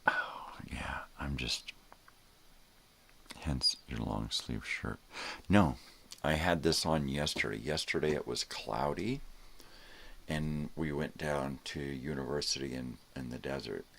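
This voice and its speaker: A man's voice: extremely low pitch, slow, gravelly, fairly bright tone, a little hiss or hum. An older man hosting a casual morning livestream, rambling in a laid-back way and drifting off into mumbles. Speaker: host.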